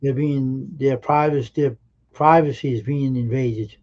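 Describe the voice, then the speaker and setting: A man telling personal anecdotes on a live stream in an earnest, emphatic way, with halting restarts. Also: medium pitch, steady tone, darkish tone, dull audio. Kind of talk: casual storytelling on a live stream.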